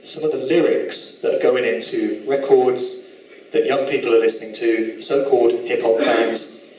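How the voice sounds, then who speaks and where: A man's voice: medium pitch, steady tone, moderate pace, slight background noise. A man with a Southern English accent giving a live lecture presentation in an indignant, sarcastic, moralizing manner. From England. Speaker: conference speaker. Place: lecture hall. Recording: echoey hall, mic from far off.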